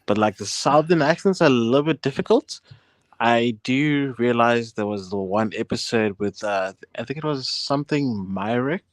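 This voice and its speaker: A man, a guest on a livestream, chatting in a relaxed way with frequent fillers. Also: medium pitch, moderate pace, dry recording. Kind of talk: casual chat.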